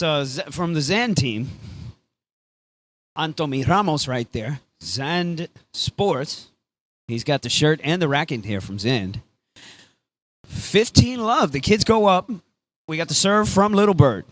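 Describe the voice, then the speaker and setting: A man calling a beach tennis match live, casual and excitable, dropping Spanish phrases into his play-by-play. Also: on the high side, measured pace, no echo. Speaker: sports commentator.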